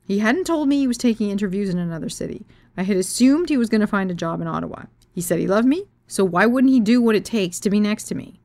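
A woman author reading her own story aloud, frank and expressive, swearing freely. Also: medium pitch, quick pace, hardly any pauses, no room sound. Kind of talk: storytelling reading of memoir and novel.

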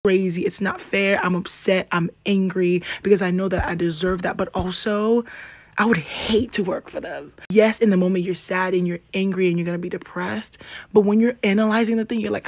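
A young woman in her twenties hosting a casual podcast, animated, swinging between loud venting and soft asides. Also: mid-range voice, moderate pace, no echo. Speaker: podcast host.

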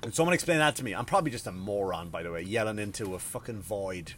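A man, maybe, hosting a podcast in a profane, rambling, animated rant. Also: lowish voice, fast, a little hiss or hum. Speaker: podcast host. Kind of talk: casual ranting monologue.

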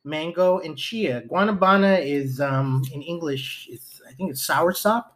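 A man's voice: on the high side, measured pace, fairly bright tone. A man co-hosting a casual show, trying snacks and joking crudely with plenty of swearing. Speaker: podcast co-host. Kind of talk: casual chat, taste-testing snacks.

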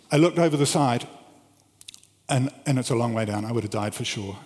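A middle-aged man preaching a storytelling sermon to an audience, animated, with big swings in pitch and loudness. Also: fairly quick, long pauses. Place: large hall with an audience. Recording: long hall reverb.

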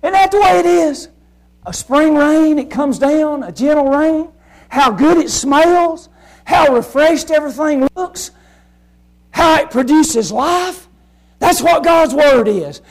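A man with a strikingly high voice preaches a fervent sermon. He swings from shouting down to a near hush, and keeps asking his listeners rhetorical questions. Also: lively intonation, slow pace, rough recording. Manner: fervent, swinging from loud shouting to hushed quiet; asks the congregation rhetorical questions.

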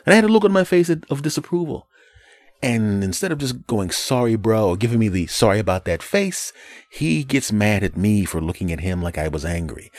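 Man, very deep voice, crude joking podcast host, rambling solo storytelling, dry close sound. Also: big pitch swings, brisk, darkish tone, dry recording. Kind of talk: casual solo podcast monologue.

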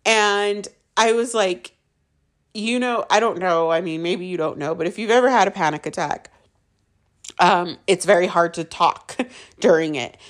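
A woman's voice: lowish voice, measured pace. Woman telling a raw personal story. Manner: raw, casual, frequent "like" and swearing. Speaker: storyteller recounting her own experience.

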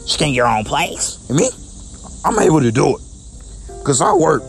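Young man, vlog rant, aggrieved and repetitive, lively swooping pitch, faint music behind. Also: normal speed, gravelly. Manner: repetitive and aggrieved, with many restarts. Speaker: vlogger. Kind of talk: personal rant to camera.

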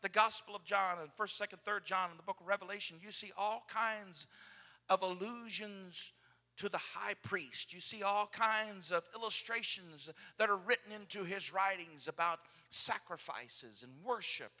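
High, bright-voiced preacher in a hall. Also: male voice, normal speed. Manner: storytelling preacher, swings from hushed to loud. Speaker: pastor. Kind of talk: sermon.

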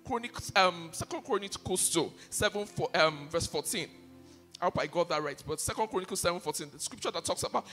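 Impassioned male pastor, sermon delivery, very lively pitch, long hall reverb. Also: fairly quick. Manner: impassioned, repeats key phrases for emphasis. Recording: reverberant hall with faint music behind.

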